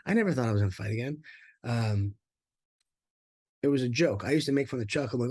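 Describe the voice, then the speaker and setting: A man's voice: medium pitch, animated, brisk, long pauses, darkish tone, dry recording. A man telling his life story in an interview, candid and rambling, with many fillers and casual swearing. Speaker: interview guest, former pro fighter.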